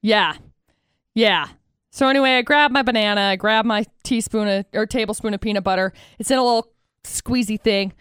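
A woman's voice: mid-range voice, brisk, fairly bright tone, smooth, dry recording, studio quality. A young woman co-hosting a morning radio show, telling a story in casual banter and laughing as she goes. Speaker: radio co-host.

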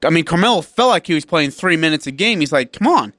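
A man co-hosting a sports radio show, telling game stories in a lively, casual way. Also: a little high, fast, no echo. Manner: animated storytelling, acts out players.

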